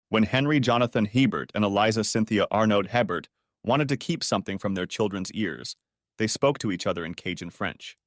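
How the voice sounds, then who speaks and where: A man narrating an audiobook story with expressive storytelling. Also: lowish voice, dry recording, clean studio sound.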